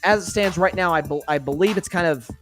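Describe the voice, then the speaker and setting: On his solo sports podcast, the host chats opinionatedly about predictions, repeatedly restarting and stumbling over sentences. He speaks brisk and high-pitched with a fairly bright tone, as soft music plays behind him.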